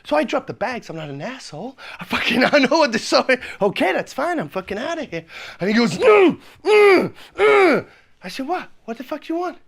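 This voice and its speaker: A man voicing a brash, volatile, foul-mouthed male dancer who swears constantly and bursts into shouting, performed live in a comedy venue. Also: extremely high pitch, very animated, a little fast, vocal fry, exaggerated voice. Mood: aggrieved. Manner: swearing, swings into shouted outbursts.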